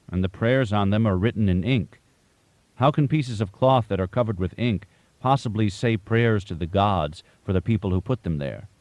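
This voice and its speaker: A man voicing a calm, cryptic Buddhist master who speaks gently, with certainty and teasing questions. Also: fairly low pitch, dry recording.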